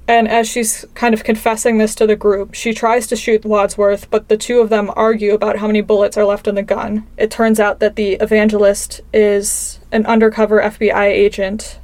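A woman with a Midwestern American accent walks through a film plot in casual chat. Her delivery is steady and storytelling, and the sound is dry and close. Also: medium pitch, no echo.

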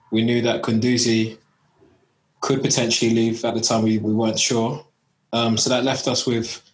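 Man recounting events in a roomy echo. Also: medium pitch. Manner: measured, recounting events step by step. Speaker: podcast co-host. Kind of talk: casual football podcast chat.

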